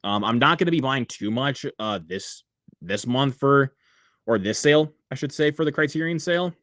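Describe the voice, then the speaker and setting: A man's voice: medium pitch, lively intonation, moderate pace, fairly bright tone, no echo. Chatty man with a dry close sound. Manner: rambling, frequent "like" fillers, reads viewer comments aloud. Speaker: livestream host. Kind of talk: casual livestream chat.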